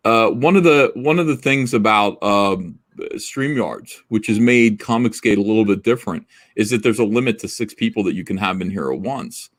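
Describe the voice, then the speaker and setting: A man's voice: on the low side, lively intonation, moderate pace. A man hosting a livestream over a remote call, telling rambling anecdotes in blunt, profane casual chat. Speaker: livestream host.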